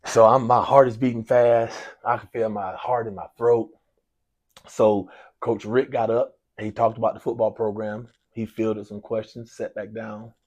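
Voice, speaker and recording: Speaking a little slowly in a voice on the low side, a man who coaches basketball spins a lengthy personal tale for a sports interview. He performs the dialogue with animation, often repeating himself and sprinkling in "y'all."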